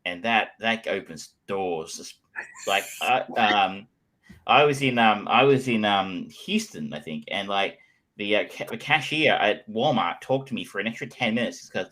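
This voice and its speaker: A man's voice: on the low side, lively intonation, normal speed, pushed and bright, rough recording. A middle-aged Australian man co-hosting a podcast in casual chat, rambling with lots of fillers and restarts. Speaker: podcast co-host.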